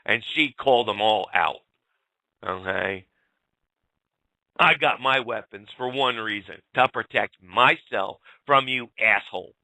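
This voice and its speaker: A man hosting a talk show, ranting bluntly and with fire. His voice is gravelly with a hard, bright edge. The sound is close and completely dry. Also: on the low side, slow pace, no room sound, rough recording. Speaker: show host. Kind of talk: heated political talk.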